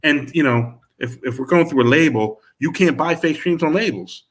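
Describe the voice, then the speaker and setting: A man's voice: a little high, moderate pace. A middle-aged man, a music manager, talking in a casual interview and rambling with many restarts and fillers. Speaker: music manager and producer guest.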